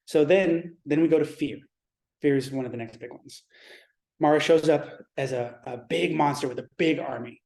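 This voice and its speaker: Male Zen teacher, dharma talk; mellow, warm tone, reflective delivery with pauses. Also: on the high side. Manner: reflective, measured, with pauses and restarts.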